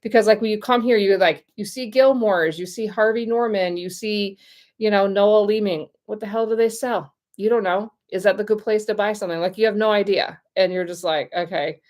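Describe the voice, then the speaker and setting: A woman's voice: mid-range voice, brisk, a little mellow. An American woman in her forties chatting casually to camera, bubbly and rambling with lots of fillers. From United States. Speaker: vlogger and relocation consultant.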